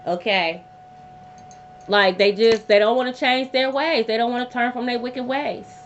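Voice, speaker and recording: Brief: woman, tarot reader, high voice, blunt and profane, dull lo-fi audio with hum. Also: steady tone, measured pace. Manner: emphatic, blunt and profane, repeating lines for effect. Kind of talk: casual tarot reading to camera.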